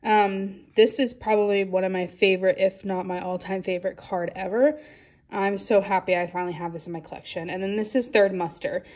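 A woman talking through her photocard collection in a casual vlog, chatty and excited, a little out of breath. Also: mid-range voice, a little fast. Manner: chatty, excited, rambling with frequent restarts. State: slightly out of breath.

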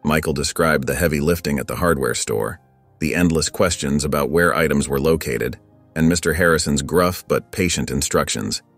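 A male storyteller with a very deep voice reads a scripted tale calmly and evenly. Faint music plays underneath. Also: normal speed. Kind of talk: scripted narration. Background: faint background music.

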